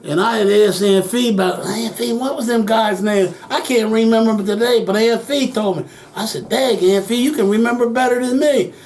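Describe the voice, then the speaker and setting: A man's voice: sits high, fairly quick, few pauses, a little mellow, a little hiss or hum. An older man recounting childhood memories in an oral history interview, acting out the voices of people he quotes and chuckling as he goes.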